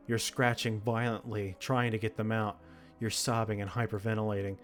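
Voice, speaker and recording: A man's voice: fairly low pitch, flat delivery, moderate pace, faint music behind. A man reading a text horror game aloud, with dramatic narration broken by laughs and reactions. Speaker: game streamer.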